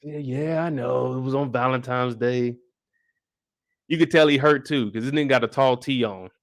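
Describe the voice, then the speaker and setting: A young man giving a casual live recap of a TV episode, talking in animated, slangy, profane banter. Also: mid-range voice, normal speed, no echo, studio quality. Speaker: show recap host.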